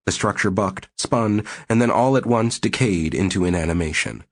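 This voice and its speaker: A man reading a novel aloud as audiobook narrator in a steady, measured way. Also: fairly low pitch. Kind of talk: scripted narration.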